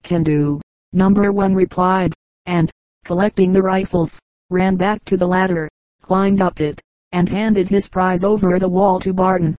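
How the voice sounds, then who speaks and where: A woman narrating an adventure novel in a steady, even reading that also voices the dialogue. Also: fairly low pitch, measured pace, no echo, low-quality recording. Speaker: audiobook reader. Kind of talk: scripted narration.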